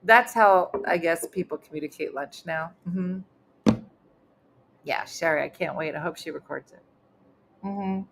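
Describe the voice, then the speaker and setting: A woman's voice: on the low side, a little slow, creaky, pauses often, heavy background noise. Middle-aged lady host rambling through a story on a video call, lots of ums. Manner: chatty storyteller with many fillers. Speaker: comedian and show host. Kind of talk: casual live-stream chat.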